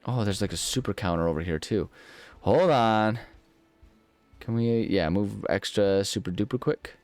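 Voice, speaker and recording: A man with a somewhat low voice gives casual commentary while he plays a game. He rambles and mocks himself, and drifts into little nonsense tunes between thoughts. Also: moderate pace, darkish tone, no echo. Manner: rambling, self-mocking, sings nonsense syllables. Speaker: gaming channel host.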